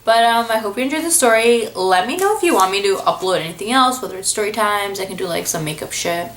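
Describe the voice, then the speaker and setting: A young woman vlogger telling a story casually, rambling with lots of fillers and acting out quotes with big jumps in pitch. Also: expressive, fast, a bit bright, slight background noise. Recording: echoey room.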